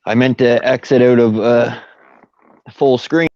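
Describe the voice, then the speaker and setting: A man's voice: mid-range voice, fairly even intonation, a little slow, darkish tone, dry recording. A man chatting casually on a video call in an easygoing way, swearing now and then. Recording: dry, muffled call audio.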